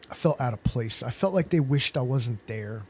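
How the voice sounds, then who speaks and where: A man's voice: medium pitch, expressive, moderate pace, a little mellow, a little hiss or hum. A man hosting a casual livestream chat, rambling and joking with plenty of swearing. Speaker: livestream host.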